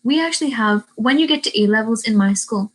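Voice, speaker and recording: A teen girl YouTuber reads her live chat in bubbly, casual chatter full of "like" fillers, her slightly higher voice expressive and fairly quick. She has a Northern Irish Derry accent with a hint of Indian, and the rough recording comes through a webcam mic.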